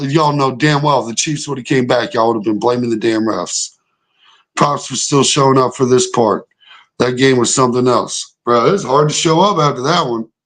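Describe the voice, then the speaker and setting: Heated profane sports streamer. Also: male voice, mid-range voice. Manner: heated, profane, argumentative with chat. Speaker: sports show host reacting live. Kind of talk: casual livestream reaction, reading chat.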